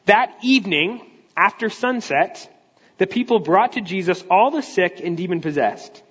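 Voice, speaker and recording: A fairly high-voiced man preaching in a big church, talking through the text in an easygoing, explanatory way and often restarting his sentences. The sound rings with long reverb from the hall and is somewhat dull and muffled. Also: expressive, moderate pace, fairly bright tone, slightly rough. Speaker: pastor. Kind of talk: conversational sermon.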